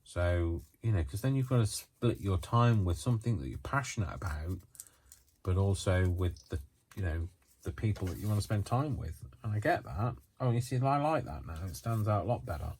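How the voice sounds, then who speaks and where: Man, very low voice, casual craft chat, rambling, hesitant, frequent yawns. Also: animated, normal speed, a little mellow, breathy edge. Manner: rambling and hesitant, many ums and restarts; yawns often while talking. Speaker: craft vlogger.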